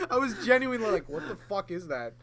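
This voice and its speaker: Over a crowd in the background, a man with a high, sing-song voice talks at a moderate pace. As a podcast co-host, he rambles through a long, casual story among friends, cursing freely, voicing both parties in the dialogue and breaking into laughter mid-sentence.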